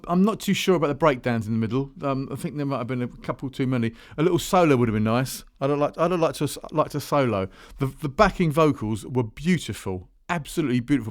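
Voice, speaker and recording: A man talks on his own between tracks as the host of a music podcast. His voice sits at an ordinary middle pitch. He rambles and restarts his sentences, with a loose, chatty manner. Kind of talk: casual solo chat between tracks.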